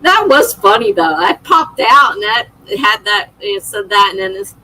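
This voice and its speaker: A woman's voice: medium pitch, expressive, normal speed, pushed and bright, poor audio. A middle-aged woman hosting a livestream, chatting casually and laughing often as she reads viewer comments aloud. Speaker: livestream host.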